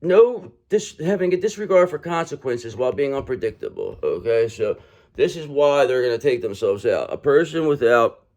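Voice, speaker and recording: A man's voice: medium pitch, a little mellow. Emphatic man giving a tarot reading. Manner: emphatic, repeats "okay?" constantly, swears freely. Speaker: tarot reader.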